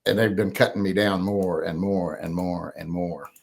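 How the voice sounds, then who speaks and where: A man's voice: sits low, steady tone, normal speed, gravelly. A middle-aged man with a drawl, hosting a casual livestream and reading chat, blunt and opinionated.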